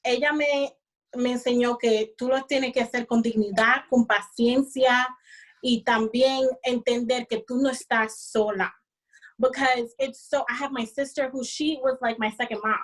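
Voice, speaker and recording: A woman's voice: on the high side, steady tone, moderate pace, low-quality recording. A young woman from the Dominican Republic, speaking in a heartfelt, earnest way in a casual panel chat. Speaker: podcast co-host.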